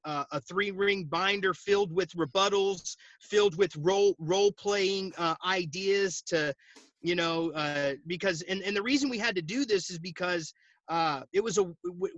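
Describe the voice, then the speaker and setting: A man in his forties with a high, bright voice, heard close and dry over a video call. He tells his story in an animated way, laughs often and acts out the other people's lines as he goes. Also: dry recording, highs cut off. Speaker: guest, insurance agency owner. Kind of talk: storytelling interview. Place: at home.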